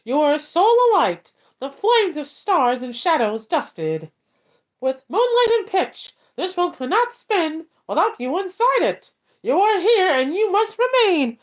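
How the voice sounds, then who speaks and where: A woman voicing a cheery cartoon mouse, reading a poem slowly in a sing-song ASMR manner. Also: very high voice, sing-song, pitched above the performer's own voice, heavily acted. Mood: tender. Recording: dull lo-fi stream audio.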